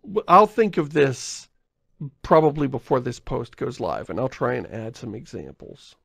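A podcast host chatting casually in a rambling, self-interrupting way, often laughing and reading listener mail. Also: male voice, medium pitch, animated, normal speed, creaky, fairly bright tone, slightly rough, no room sound. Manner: reads listener mail aloud.

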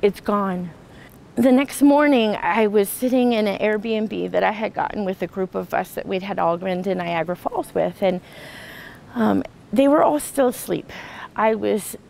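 A woman's voice: medium pitch, moderate pace, gravelly, a little mellow, a little hiss or hum, poor audio. A woman sharing an emotional personal testimony, earnest and full of restarts and fillers. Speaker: retreat participant sharing a testimony.

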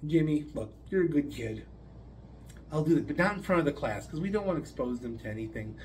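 A female schoolteacher pulls a child aside and speaks low, quick and hushed, kind but firm. A man acts her out in a joke. Her voice stays quiet and discreet. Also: lively intonation, a little hiss or hum, natural voice.

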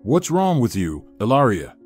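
A man's voice: mid-range voice, wildly swooping pitch, moderate pace, darkish tone, husky, faint music behind. A stern young company owner, as a man voices him.

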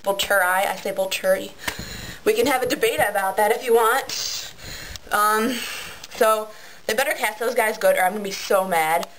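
A woman's voice: medium pitch, moderate pace, a bit bright, slight background noise, rough recording. Bubbly giggly teen girl vlogging. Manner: bubbly, giggly, many ums and likes. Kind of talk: excited casual vlog chat.

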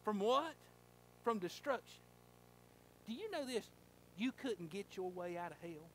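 A male pastor preaching a sermon in a church, telling a folksy story and rising to fervent shouting. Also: high-pitched, lively intonation, measured pace, slight background noise. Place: church sanctuary.

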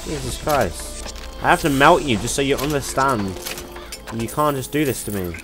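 A man's voice: medium pitch, lively intonation, moderate pace. A man doing let's play commentary, sarcastic and swearing, with bursts of alarm. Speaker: gameplay commentator. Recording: game music playing underneath.

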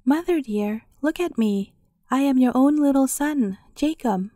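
A gentle, bewildered little boy turned dwarf, put on by a woman reading a storybook. He speaks softly and pleadingly in a raised, dark-toned voice. The recording is dry and close. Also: sits high, lively intonation, unhurried, dry recording. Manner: pleading, soft-spoken.

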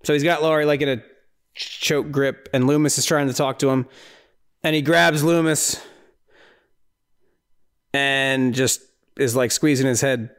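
A man with a smooth, clear voice at a middling pitch talks through a film in a loose, casual recap. He rambles and restarts, turns incredulous at the plot, and breaks into laughter. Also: fairly even intonation, measured pace, pauses often, fairly bright tone. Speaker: podcast host.

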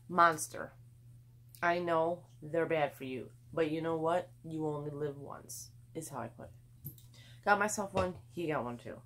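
A middle-aged woman chatting at home in a rambling haul vlog, swearing freely as she talks. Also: low-pitched. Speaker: vlogger. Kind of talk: casual haul vlog chat. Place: home, indoors.

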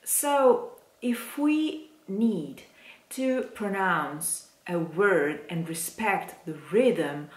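Slow-spoken woman teaching diction. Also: mid-range voice, lively intonation. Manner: slow, careful, demonstrating words aloud. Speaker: singing teacher. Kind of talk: diction lesson for singers. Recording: echoey room.

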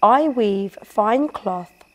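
A woman's voice: medium pitch, expressive, extremely slow. A woman voicing a stubborn, proud male weaver in a storybook, firm and dismissive.

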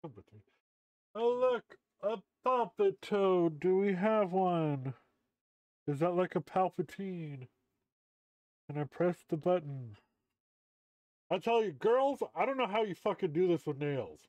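This man's voice is high and animated yet unhurried, with long pauses and a slightly mellow quality. Muffled and stuffy under a costume mask, he jokes around on a game stream, chuckling often and swearing freely. The audio is dry, dull, muffled lo-fi.

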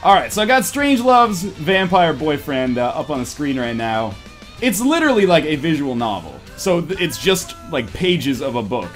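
A man's voice: fairly high pitch, moderate pace. A man hosting a casual voice-call podcast, joking and reading a story aloud in a mock-dramatic way, often swearing. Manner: animated, profane, mock-dramatic. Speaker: podcast host. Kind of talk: casual chat and reading a visual novel aloud. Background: faint rock music.

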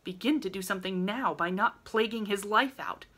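A woman's voice: mid-range voice, normal speed, a bit bright, voice pushed up, close to an everyday voice. A woman reading aloud, voicing a prim, motherly teenage girl who lectures earnestly in a raised voice.

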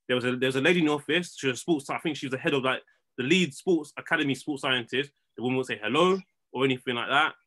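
A man's voice: mid-range voice, very fast. A man, telling a story as a podcast guest in casual, slangy chat, often restarting his words. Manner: slangy, repeats and restarts words, animated retelling.

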